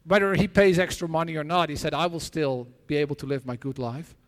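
A high-pitched man with a steady tone preaches in a big echoey hall, his sermon combining prayer and personal stories. He's earnest but halting, frequently starting over and repeating words.

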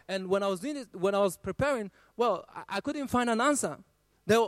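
A man's voice: sits high, no echo. A man preaching a sermon who quotes scripture in a rising, sung cadence and swells his voice on key lines.

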